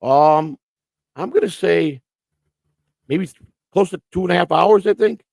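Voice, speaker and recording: A man's voice: high-pitched, a little slow, gravelly, darkish tone, dry recording. A man hosting a casual live-stream chat show, rambling and stammering through repeated restarts. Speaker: host. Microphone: computer setup with earphones.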